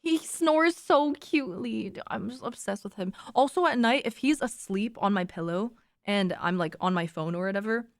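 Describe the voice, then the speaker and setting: Young woman streamer, giggly casual chatter to her viewers, medium pitch, dry close sound. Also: moderate pace, dry recording. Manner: chatty and giggly, cooing baby talk to her dog.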